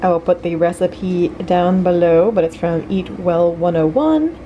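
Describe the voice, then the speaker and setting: A woman's voice: fairly low pitch, a little slow, highs cut off. Young woman doing a casual home vlog, upbeat, cracks bad jokes, faint hiss behind. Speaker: vlogger. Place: home kitchen.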